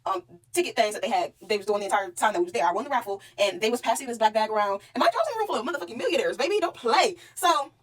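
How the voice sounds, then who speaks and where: A young woman, telling her life story to camera in a casual, profane and animated way. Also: fairly high pitch, racing. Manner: animated, profane, talks straight to the viewer.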